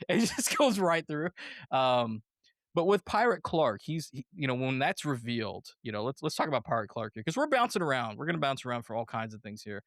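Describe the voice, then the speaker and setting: A man hosting a casual movie review podcast, animated and laughing often as he acts out quotes. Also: a little high, brisk, no room sound, studio quality. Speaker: podcast host.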